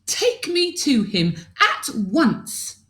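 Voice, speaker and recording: A woman putting on a high, bossy young princess. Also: big pitch swings, takes it slowly. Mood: commanding. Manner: high, commanding, theatrical.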